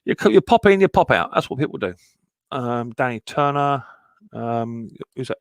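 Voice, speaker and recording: A man's voice: medium pitch, lively intonation, normal speed, no room sound, clean studio sound. A man hosting a live stream in a casual, chatty way, greeting viewers one by one with plenty of ums.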